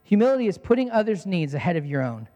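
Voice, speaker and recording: High-voiced preaching man in a reverberant hall. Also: sing-song, quick pace, warm tone. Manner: earnest preaching with repeated phrases. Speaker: pastor. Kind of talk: sermon.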